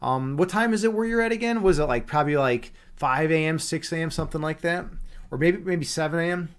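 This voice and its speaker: A man's voice: a little high, a little fast, smooth. A man hosting a livestream, chatting casually with viewers in a joking, teasing way, with many restarts and fillers. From Chicago. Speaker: livestream host.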